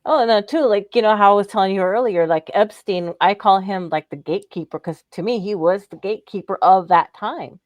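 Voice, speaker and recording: A woman's voice: medium pitch, fairly quick, few pauses, dry recording. A woman in casual podcast chat who laughs easily and chimes in to agree. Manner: giggly, agreeable interjections.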